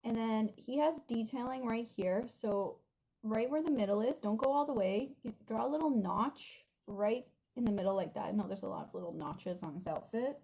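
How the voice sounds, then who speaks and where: A woman's voice: on the high side, normal speed, vocal fry, mellow, husky, rough recording. A young woman talking viewers through a drawing tutorial from her home studio, chatty and giggly, calling them guys as she goes. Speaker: art instructor.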